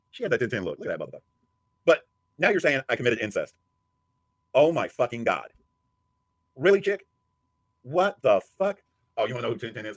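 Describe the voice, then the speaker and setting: A man's voice: medium pitch, wildly swooping pitch, brisk, long pauses, dry recording. A man giving a crude, taunting rant as a streamer answering a critic. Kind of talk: profane ranting commentary.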